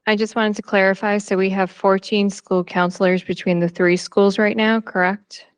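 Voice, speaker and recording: A woman's voice: mid-range voice, level tone, normal speed, clean tone, dry recording. A woman board member asking clarifying questions at a meeting, going through the figures point by point. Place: town hall meeting room.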